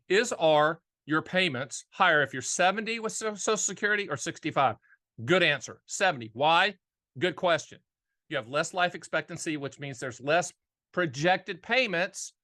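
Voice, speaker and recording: A middle-aged man who hosts a casual, straight-talking show about annuities, talking in an energetic, folksy way and repeating his key phrases. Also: fairly high pitch. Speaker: annuity agent and show host. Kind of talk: casual straight-talk explainer.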